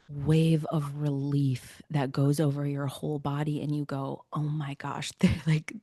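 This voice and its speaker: A woman's voice: low voice, gravelly, a little mellow, no echo, studio quality. A woman hosting a podcast interview, speaking in a thoughtful, empathetic way. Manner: thoughtful, empathetic, relating to her own experience. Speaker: podcast host. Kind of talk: casual interview chat.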